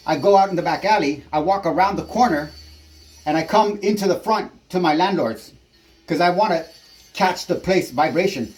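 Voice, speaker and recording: Man, angry rant, constant cursing, rambling, slightly high-pitched. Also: normal speed, darkish tone. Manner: heavy swearing, agitated and rambling. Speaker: tenant filming a neighbor. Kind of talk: angry ranting vlog. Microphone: handheld camera.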